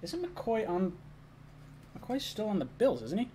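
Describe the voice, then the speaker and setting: A man's voice: sits high, very animated, measured pace, mellow, slight background noise. A young man hosting a casual live stream, chatting loosely, reading chat messages and talking while eating.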